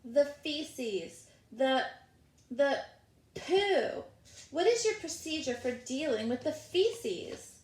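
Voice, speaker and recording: A woman's voice: high-pitched, big pitch swings, slow pace, reverberant, voice pushed up, heavily acted. A woman voicing a stern, fussy female health inspector who speaks in clipped, dismissive phrases in an audiobook. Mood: officious. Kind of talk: audiobook character voice.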